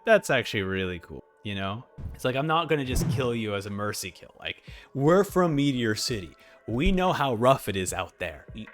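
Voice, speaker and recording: A man hosting a reaction video, reading a manga aloud with excitable casual commentary. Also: medium pitch. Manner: excitable, reads dialogue aloud, frequent laughs.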